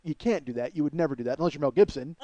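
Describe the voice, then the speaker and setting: A man hosting a comedy podcast, riffing through a profane, animated monologue. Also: a little high, racing.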